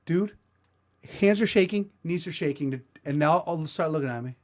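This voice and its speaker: A man's voice: fairly high pitch, expressive, moderate pace. A man hosting a podcast, telling a story in a casual, profane, self-mocking way. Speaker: podcast host. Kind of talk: comedic storytelling.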